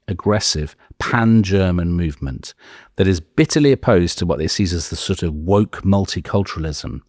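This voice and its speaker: A man tells a history story in a casual, animated way. His voice sits very low. The sound is dry and close, with no room echo. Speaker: podcast co-host.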